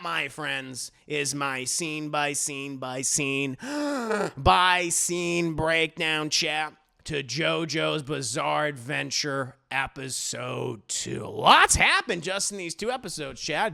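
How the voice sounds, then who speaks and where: Animated, gravelly man recapping an episode. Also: on the high side. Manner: animated, profane, laughing storytelling. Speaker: TV reviewer streamer. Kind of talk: casual scene-by-scene recap to a live chat.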